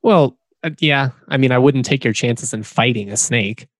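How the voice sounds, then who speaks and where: A man's voice: mid-range voice, normal speed, fairly bright tone, dry recording, clean studio sound. A man co-hosting a sports podcast in casual chat, easygoing and teasing.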